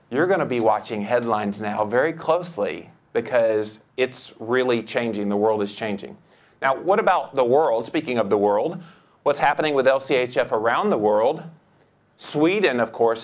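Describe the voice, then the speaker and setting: Brief: upbeat male speaker at a seminar, mid-pitched, playful, with sudden high jumps on punchlines. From United States. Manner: enthusiastic, joking, with big pitch jumps for emphasis. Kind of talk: lively conference talk. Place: lecture hall.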